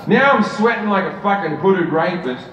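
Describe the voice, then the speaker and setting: A male comedian spinning a long, profane anecdote with a storyteller's punchline timing. His voice is on the high side and sits back from the mic. The big room rings with echo under loud crowd laughter. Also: lo-fi sound, background noise. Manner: swearing, conversational storytelling with punchline rhythm. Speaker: stand-up comedian. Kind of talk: live stand-up storytelling. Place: large indoor arena on stage. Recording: distant, echoey arena with loud crowd laughter.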